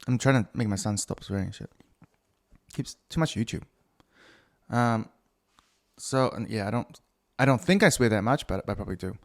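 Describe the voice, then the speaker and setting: A middle-aged man hosts a casual solo podcast, rambling through a monologue full of profanity and self-mockery. His mid-range voice is very animated, moving at a moderate pace with long pauses.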